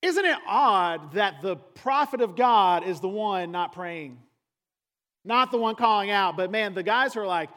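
A man preaching a conversational sermon, acting out the people in the story and building to loud, emphatic peaks. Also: high voice, expressive, unhurried. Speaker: pastor. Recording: long hall reverb.

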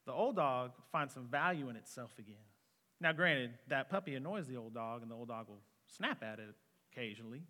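A man's voice: medium pitch, expressive, fairly quick, pushed and bright. A man in his twenties preaching an earnest, conversational sermon as a student pastor in a church hall. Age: 20s. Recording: long reverb of a hall.

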